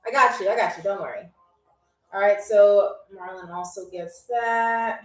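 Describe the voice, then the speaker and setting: A woman's voice: medium pitch, measured pace, roomy sound, far from the mic, rough recording. A woman hosting a live online game show in a playful, chatty, teasing way. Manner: chatty, teasing, laughs often.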